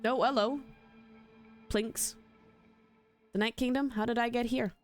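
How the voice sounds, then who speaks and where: A woman streamer giving casual commentary while playing a game, excitable and quick to laugh and exclaim. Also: on the high side, soft background music.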